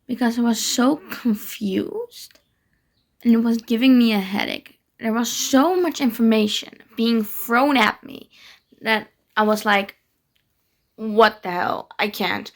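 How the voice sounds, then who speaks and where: A woman's voice: fairly high pitch, measured pace. A young woman chatting casually in her reading vlog, gushing and giggly about the books she's read. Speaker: book vlogger.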